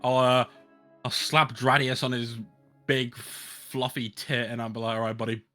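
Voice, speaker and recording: Man, tabletop player, casual hesitant chat, very bright tone, faint music. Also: medium pitch, little pitch movement, unhurried.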